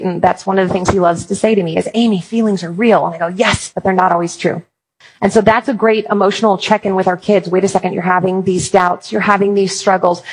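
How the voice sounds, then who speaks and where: A woman's voice: mid-range voice, breathy edge, rough recording. A woman giving a Christian talk to parents, telling stories with humor. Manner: lively storytelling with humor. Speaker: Christian speaker. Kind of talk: conference talk.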